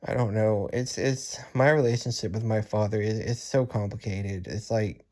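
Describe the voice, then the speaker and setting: A man's voice: on the low side, steady tone, a little mellow. Young adult male vlogger, venting monologue, sighs often, restarts sentences, frustrated and worn down. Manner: frustrated, sighing, halting and repetitive. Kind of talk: personal venting vlog.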